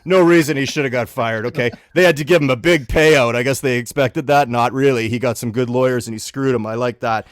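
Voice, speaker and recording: A man co-hosting a comedy podcast, ranting in a grumbling, deadpan way. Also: mid-range voice, fairly quick, hardly any pauses, no room sound, clean studio sound. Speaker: co-host.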